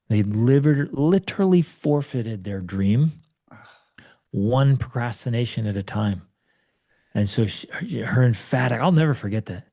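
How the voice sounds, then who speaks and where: A man's voice: medium pitch, expressive, unhurried, dark tone. A man in his forties, an interview guest, telling personal stories with emphatic, urgent conviction. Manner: emphatic storyteller, urgent and preachy. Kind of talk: conversational interview.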